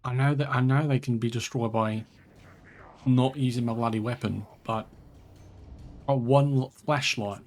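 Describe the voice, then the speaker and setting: A man's voice: medium pitch, steady tone, a little slow, long pauses. Swearing man commentating a game. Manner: swears a lot while playing, exasperated muttering; chatty asides to the viewer. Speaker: gaming channel host. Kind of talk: let's play commentary.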